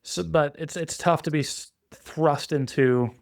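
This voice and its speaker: A man co-hosting a podcast, retelling fantasy lore in a relaxed, chatty way with frequent restarts and filler words. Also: a little high, a little slow, gravelly, no echo, studio quality. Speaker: podcast co-host.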